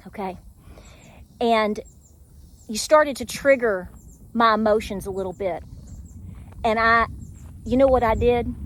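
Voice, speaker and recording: Earnest Tennessee woman, slightly high voice. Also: a little slow, long pauses, a bit bright, slight background noise. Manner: earnest, preachy and encouraging. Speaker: homestead vlogger. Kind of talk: casual faith-filled vlog talk.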